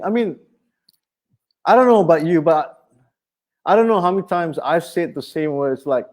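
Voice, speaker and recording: High-pitched male pastor in his thirties, chatty and animated sermon style. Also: normal speed, pauses often. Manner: animated, conversational preaching with humor.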